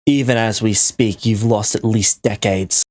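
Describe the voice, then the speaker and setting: A man's voice: on the low side, fairly even intonation, a little slow, darkish tone, no echo, close to an everyday voice. A man voicing a grandiose male villain clone, making pompous, dramatic declarations that ignore questions, over a voice call mic. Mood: menacing.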